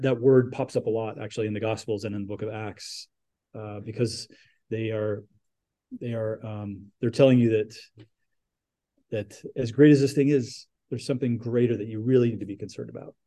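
Man, mid-pitched, teaching a Bible lesson, loose and conversational with many restarts and questions to the room. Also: dark tone. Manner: thinks aloud with restarts and questions to the class.

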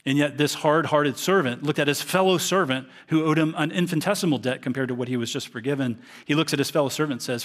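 A man's voice: fairly high pitch, fast, hardly any pauses. Earnest man preaching a sermon. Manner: earnest, reads scripture aloud then explains it.

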